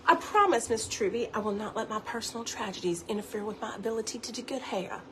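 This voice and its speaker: A woman putting on the slow, exaggerated drawl of a small-town salon woman from an old film. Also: a little high, slight background noise, natural voice. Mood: earnest.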